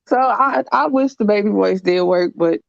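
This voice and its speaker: A woman in her thirties hosting a casual podcast chat, blunt and animated, laughing as she tells stories. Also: medium pitch, normal speed, vocal fry, no echo. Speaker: channel host. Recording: dull lo-fi dry sound.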